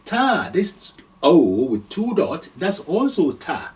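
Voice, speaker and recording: A man from Nigeria gives a patient beginner's lesson in reading Arabic, saying each sound again and again with an easy chuckle. His pitch moves a lot as he speaks. He talks slowly, and he sits a little back from the microphone. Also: wildly swooping pitch, a little mellow, recorded from a distance. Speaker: Arabic teacher. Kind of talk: slow step-by-step lesson.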